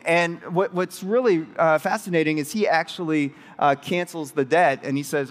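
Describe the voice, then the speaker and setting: A man with a high, bright-pitched voice preaches a sermon, retelling a parable in a loose, conversational way that jumps up into excited asides. His voice carries a long reverb, as if from a church auditorium. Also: moderate pace, hardly any pauses. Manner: conversational, animated storytelling with rising excited asides. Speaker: pastor. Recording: reverberant hall.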